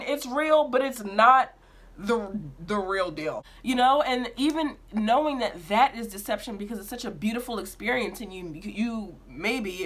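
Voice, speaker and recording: A woman's voice: on the high side, fairly bright tone. A young woman telling a dream in a casual, emphatic spiritual vlog, slangy and full of fillers. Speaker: vlogger.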